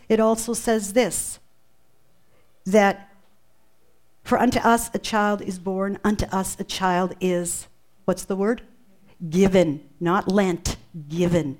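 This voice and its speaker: Emphatic woman preaching a sermon. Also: medium pitch. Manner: expressive, emphatic delivery with rhetorical questions.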